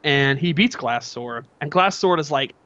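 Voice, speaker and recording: A man casually telling a story on a podcast, animated and imitating others with loud outbursts. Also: a little high, measured pace, dry recording, lo-fi sound. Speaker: podcast co-host.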